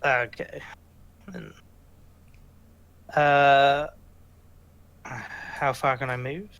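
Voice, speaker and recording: Slow, offhand man asking rules questions. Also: mid-range voice, fairly even intonation, vocal fry, fairly bright tone, no room sound, highs cut off. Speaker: player. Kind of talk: playing a tabletop game.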